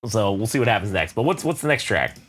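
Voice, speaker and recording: A man's voice: fairly low pitch, big pitch swings, quick pace, a little hiss or hum. A man co-hosting a podcast, telling a long absurd story in casual, profane chat. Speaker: podcast co-host.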